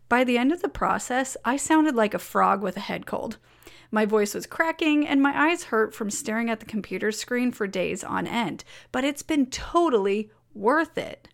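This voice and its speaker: Gravelly-voiced woman reading an upbeat memo. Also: on the high side. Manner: upbeat, encouraging, heartfelt. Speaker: blog host reading her weekly memo. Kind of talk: read-aloud personal letter.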